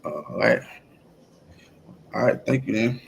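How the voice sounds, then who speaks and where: Low gravelly-voiced man. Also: expressive, a little slow, a little hiss or hum. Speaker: real estate wholesaler making seller calls. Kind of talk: phone sales call and chat.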